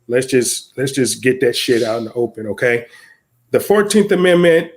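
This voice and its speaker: A man's voice: mid-range voice, animated, moderate pace. An American man co-hosting a podcast, delivering heated political commentary in an angry, profane rant. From United States. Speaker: podcast co-host.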